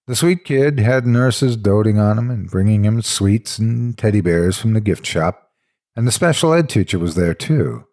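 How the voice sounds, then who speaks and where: A man's voice: fairly low pitch, expressive, moderate pace, darkish tone. A man narrating a horror story in the first person, with a dramatic, intense delivery.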